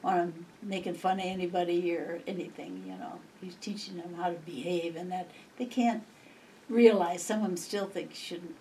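A woman's voice: lowish voice, fairly even intonation, moderate pace, mellow. Rambling older woman telling stories. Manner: chatty and rambling, laughing often. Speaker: interviewee. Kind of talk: reminiscing storytelling. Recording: distant mic, faint background noise.

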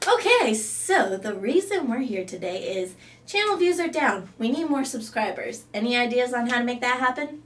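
A woman's voice: fairly high pitch, lively intonation, normal speed, far from the mic, slight background noise. A woman hosting a comedy sketch, weary and patient. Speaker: host.

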